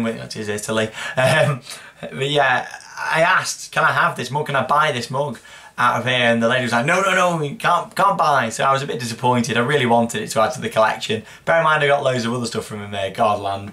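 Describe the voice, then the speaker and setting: A man's voice: mid-range voice, pushed and bright. A young man hosting a casual show, answering viewer questions in a chatty, rambling way. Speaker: host.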